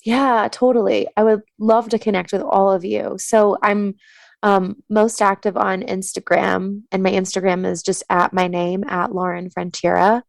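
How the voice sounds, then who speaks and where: A woman coaching a listener through a tapping exercise in a calm, soothing, slow voice, then explaining her practice. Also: mid-range voice, creaky, no room sound. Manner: gentle affirming murmurs while listening. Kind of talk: guided tapping meditation and interview answers.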